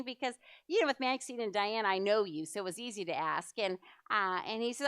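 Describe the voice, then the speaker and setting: A woman's voice: a little high, expressive, fast, a bit bright, smooth, no room sound. A middle-aged woman presenting a church health seminar, chatty and enthusiastic, with many fillers. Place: church hall.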